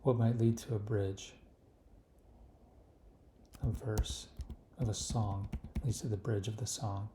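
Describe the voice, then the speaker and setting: A man thinking aloud as he works through a crossword, slowly reading clues half to himself. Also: fairly low pitch, level tone. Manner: slow, musing, reads clues half to himself. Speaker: puzzle solver. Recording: echoey room with clear background noise. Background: keyboard clicks and typing.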